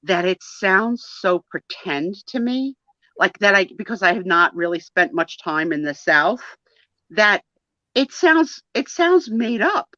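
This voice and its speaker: Bright, chatty woman on a live stream. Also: medium pitch, a little slow, no echo, highs cut off. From northeastern US, New Jersey and New York area. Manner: chatty, animated, rambling with many restarts. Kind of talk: casual live-stream chat.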